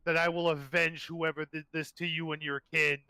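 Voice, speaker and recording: A man voicing a proud young male ranger, suddenly aged twenty years, who speaks in slow, solemn declarations in a tabletop game. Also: on the high side, flat delivery, vocal fry, sharp tone, clear, resonant tone, no room sound, heavily acted.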